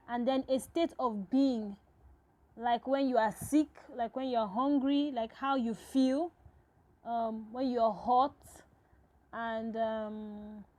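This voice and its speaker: A woman's voice: fairly high pitch, dark tone, rough recording. A woman teaching a French lesson to absent students, talking patiently, repeating each phrase and checking in with "okay?".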